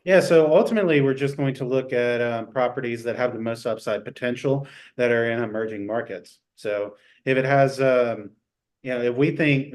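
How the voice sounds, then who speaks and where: Measured man explaining plans. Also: mid-range voice. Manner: measured, explanatory, uses fillers like "so ultimately". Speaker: co-host answering questions. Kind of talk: casual livestream Q&A.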